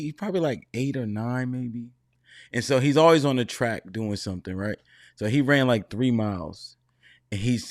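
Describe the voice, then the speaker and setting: A man's voice: lowish voice, no room sound, clean studio sound. A man on a casual panel telling a story, loose and slangy, often cutting himself off. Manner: loose, rambling, slangy, self-interrupting.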